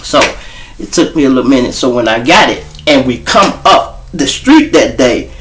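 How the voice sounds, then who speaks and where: Animated Chicago man telling stories. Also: medium pitch, normal speed. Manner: profane, animated, talks straight to the audience. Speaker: show host. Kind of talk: casual storytelling monologue.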